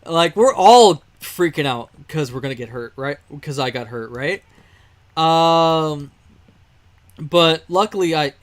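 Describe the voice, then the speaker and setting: A Texan man streams a game while spinning a rambling yarn full of fillers and chuckles. His voice sits a bit high and sounds expressive, and he speaks slowly.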